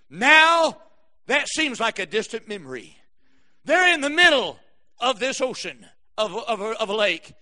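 A preacher dramatically retelling a story in a sermon, swinging between hushed lines and shouted ones. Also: male voice, very high-pitched.

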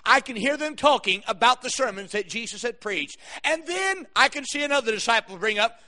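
A preacher dramatically retelling a story in a sermon, swinging between hushed lines and shouted ones. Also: male voice, very high voice, animated, a little fast, few pauses.

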